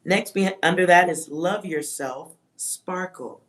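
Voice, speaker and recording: A woman's voice: on the low side, takes it slowly. A woman doing a live-stream psychic reading for her chat, talking in a musing way, reading out words, spelling some of them and swearing offhand. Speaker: livestream psychic reader.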